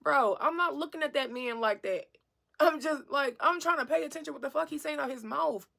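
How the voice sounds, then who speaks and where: High bright-voiced woman telling a story. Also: brisk, creaky. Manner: animated, swearing, laughs often. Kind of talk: casual storytime chat.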